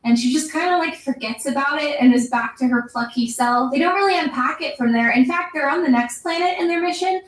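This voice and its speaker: A woman's voice: high voice, a little fast, hardly any pauses, a little hiss or hum. A woman giving a casual, sarcastic film critique, laughing at her own jokes and acting out the characters' lines in mock voices. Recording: roomy sound from a distance.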